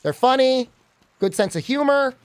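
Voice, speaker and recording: Man, game streamer, lively swinging pitch, casual rambling banter. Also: normal speed, clean tone, no room sound. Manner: rambling, joking, talks to chat while playing. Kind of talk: casual live-stream chat.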